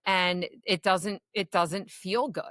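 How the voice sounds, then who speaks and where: A woman's voice: lowish voice, steady tone, slow, fairly bright tone, no echo. A woman in her forties co-hosting a casual podcast as a coach, giving earnest, encouraging advice. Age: 40s.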